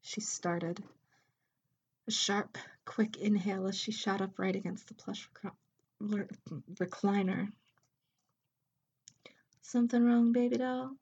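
A woman reading an intimate audio story aloud, softly and often at a whisper. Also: mid-range voice, level tone, breathy edge, muffled recording. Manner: soft, slow, often whispered. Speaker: narrator.

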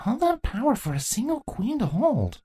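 A woman's voice: fairly high pitch, big pitch swings, moderate pace, dark tone, slightly rough, dry recording, voice pushed up. A woman voicing a young, studious female changeling princess who sounds eager and curious, in a fan fiction reading.

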